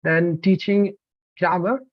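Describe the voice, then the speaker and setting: A man, a language-teaching trainer, presenting an online course in an animated, emphatic way with frequent fillers. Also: high-pitched, slow pace, no echo, highs cut off. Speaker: TEFL trainer.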